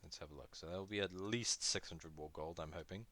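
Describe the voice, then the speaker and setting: A man's voice: deep voice, a little fast, sharp tone. A man chatting casually through his gameplay, joking at himself and talking to the creatures he fights. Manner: chatty, self-deprecating, talks to the game's creatures. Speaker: gaming video host.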